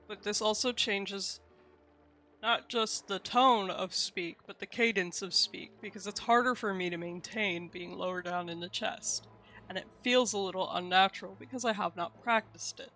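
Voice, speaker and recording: A woman's voice: mid-range voice, moderate pace, pushed and bright, faint music behind. A young woman streaming live, chatting candidly with viewers and swearing casually as she explains things.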